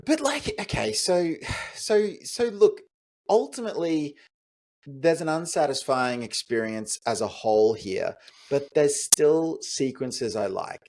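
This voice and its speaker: Animated man riffing on a movie. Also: a little high, takes it slowly. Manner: animated, rhetorical, thinks aloud with fillers. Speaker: podcast co-host. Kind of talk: casual movie review chat.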